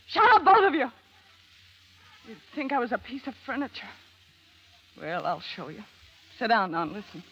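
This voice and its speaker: A woman's voice: mid-range voice, animated, normal speed, pauses often, fairly bright tone, poor audio. An actress playing a bitter, defiant young woman confessing a shameful past, in a blunt, slangy, scornful way. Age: young adult. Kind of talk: dramatic acting.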